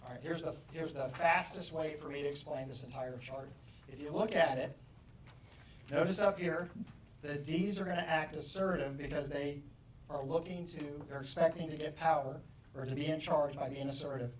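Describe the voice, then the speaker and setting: A man giving a motivational seminar talk, acting out both sides of a story and rising to mock shouting. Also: on the high side, steady tone, normal speed, a little hiss or hum. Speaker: motivational speaker. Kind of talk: live seminar talk with acted-out anecdotes. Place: seminar room with an audience. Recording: echoey room, distant mic.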